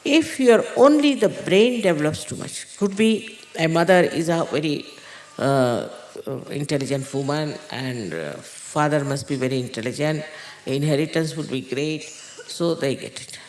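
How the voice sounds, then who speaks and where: Woman, spiritual teacher, slow halting talk, pauses and fillers, echoey hall. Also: low-pitched, animated, darkish tone. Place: large indoor gathering hall.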